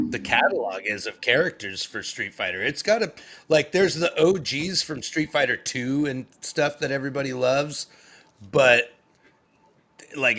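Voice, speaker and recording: A man with a lively, swinging delivery and a bright, forward tone rambles through his opinions on a comedy panel. He swears easily and drifts into fillers as he thinks aloud. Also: medium pitch. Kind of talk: casual comedy panel banter.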